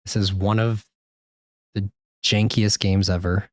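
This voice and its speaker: A man streaming a game live, rambling and joking with chat, swearing now and then, with sudden high-pitched exclamations. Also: flat delivery, measured pace, no room sound, clean studio sound. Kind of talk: live gameplay commentary.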